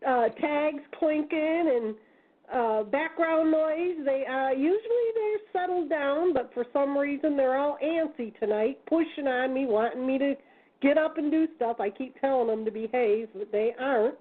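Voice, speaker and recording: A woman's voice: high-pitched, moderate pace. A woman hosting a talk radio show in a chatty manner with homely asides. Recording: tinny phone-line sound.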